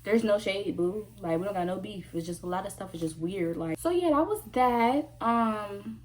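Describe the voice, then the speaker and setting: A woman vlogger telling a story in a casual, animated way, full of slang and emphatic repeats. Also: medium pitch, normal speed.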